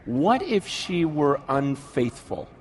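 A man in his forties preaching a sermon to a live congregation, animated and quick to act out the people he quotes, swinging between urgent and hushed. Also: a little high, slight background noise. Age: 40s. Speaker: pastor.

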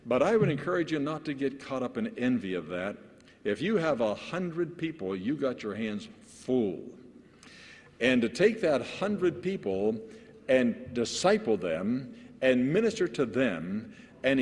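A man who is a pastor, preaching a sermon to other pastors in a lively storytelling way, with frequent restarts. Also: medium pitch. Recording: long hall reverb.

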